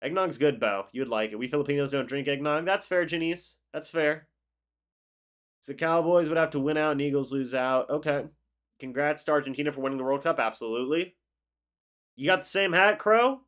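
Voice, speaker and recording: A man's voice: on the high side, brisk. A young man with a congested voice, hosting a sports livestream in a laid-back, chatty way and reading out viewer comments. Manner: laid-back, chatty, reads out chat messages. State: congested after flu. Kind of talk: casual live chat reacting to viewer comments.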